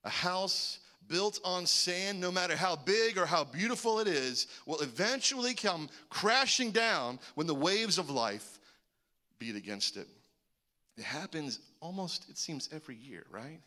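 A man in his forties preaching a sermon, an animated storyteller who acts out the voices in his stories. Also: a little high, a little slow. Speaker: pastor.

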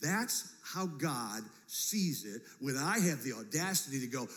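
A man preaching a sermon as pastor, animated and jokey, acting out quotes in a church. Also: medium pitch, unhurried, few pauses. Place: church sanctuary. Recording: long church reverb.

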